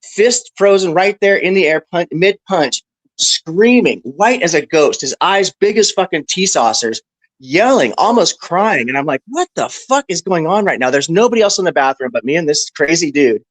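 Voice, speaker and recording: A man on a discussion panel telling a story casually, animated and profane, with lots of "bro" and "right". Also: fairly high pitch, normal speed, dry recording, low-quality recording.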